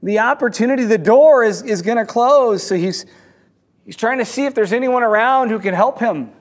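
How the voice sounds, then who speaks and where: A man with a notably high voice tells a parable in a sermon. He talks haltingly, often doubling words and restarting his sentences as he goes. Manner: halting, frequent word repeats and restarts. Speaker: speaker telling a fable.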